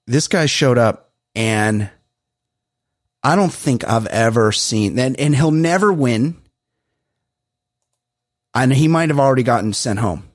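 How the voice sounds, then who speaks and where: Podcast co-host, male, husky, animated storyteller acting out quotes, dry close recording. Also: medium pitch, no echo. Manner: animated storyteller, swears freely, acts out quotes. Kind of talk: casual chat.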